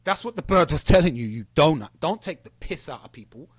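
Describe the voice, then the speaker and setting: Man, fiery sarcastic callout rant, slightly high voice, dry close sound. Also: expressive, brisk, breathy edge, no echo. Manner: heated, profane, sarcastic, mocking. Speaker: streamer calling out a rival.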